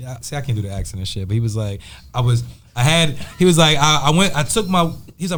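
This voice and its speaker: A man telling stories in a casual podcast chat, animated and acting out the people he quotes. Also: medium pitch, rapid-fire, a little hiss or hum. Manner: animated storyteller, quotes others in voices. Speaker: podcast co-host.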